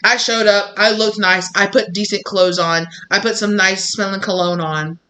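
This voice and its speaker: Tarot reader for a casual video reading: bright tone, mid-pitched, talks bluntly with plenty of swearing. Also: steady tone, moderate pace, a little hiss or hum. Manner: blunt and profane, acts out quoted people.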